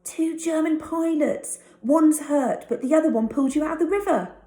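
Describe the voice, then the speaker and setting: A woman reading a storybook aloud, voicing an excited young boy who tells his friend what happened. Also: fairly high pitch, unhurried, voice pushed up. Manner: excited, breathless. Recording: roomy echo.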